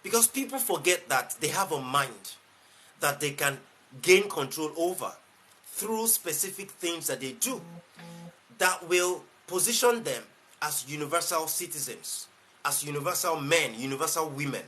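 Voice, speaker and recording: Nigerian man, life coach on a live stream, bright and forceful, repeats points and leans on rhetorical questions. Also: a little high, expressive, moderate pace. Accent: Nigerian English. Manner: emphatic, repeats key phrases, asks rhetorical questions. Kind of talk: motivational live-stream talk.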